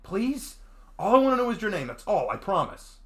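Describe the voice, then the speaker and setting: A man's voice: high-pitched, very animated, brisk, fairly bright tone, voice pushed up. A man voicing a polite, earnest young man who stammers as he tries to reassure, in a visual novel reading. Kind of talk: visual novel read-aloud.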